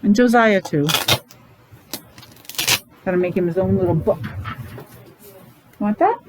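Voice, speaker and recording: A woman's voice: mid-range voice, moderate pace, very noisy. A woman teacher leading a morning meeting for young children, talking in an exaggerated, encouraging sing-song.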